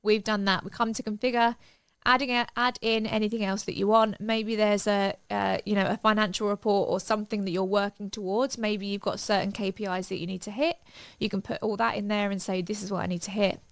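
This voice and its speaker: A woman's voice: medium pitch, steady tone, a little fast, creaky, smooth, no echo. Chatty upbeat woman tutor. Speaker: online business tutor. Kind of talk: step-by-step software tutorial.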